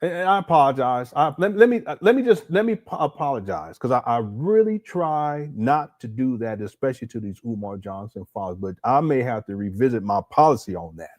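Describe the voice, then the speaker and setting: A man's voice: mid-range voice, lively intonation, a little fast, hardly any pauses, a little mellow. A man hosting a casual video commentary, exasperated and incredulous, swearing casually. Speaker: commentary channel host.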